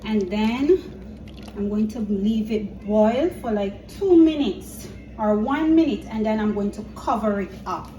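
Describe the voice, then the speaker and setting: A woman's voice: medium pitch, unhurried, warm tone, slight background noise. A woman with a Jamaican accent, chatty and teasing, talking viewers through a recipe in her home kitchen. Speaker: cooking vlogger. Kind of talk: casual cooking chat. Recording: echoey kitchen, mic a bit far.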